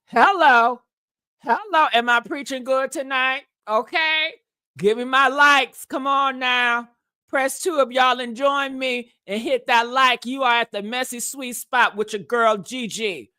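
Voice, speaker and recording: Sassy woman gossip host, aave, slow and bright, dry mic, preaching at her viewers. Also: a little high, dry recording. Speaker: commentary channel host. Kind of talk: gossip commentary livestream. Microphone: streaming setup mic.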